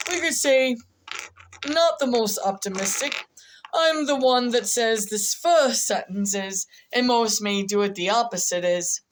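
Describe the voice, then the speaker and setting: A woman's voice: high-pitched, slight background noise. A woman vlogger rambling through casual commentary, repeating herself and muttering asides as she goes.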